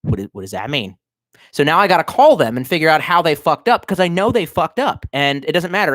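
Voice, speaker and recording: A man's voice: a little high, sing-song, brisk, fairly bright tone, dry recording, clean studio sound. A man in his thirties, a bit drunk, ranting on a livestream from his cramped bedroom in a rambling, profane, sardonic way. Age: 30s. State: tipsy. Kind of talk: casual livestream rant.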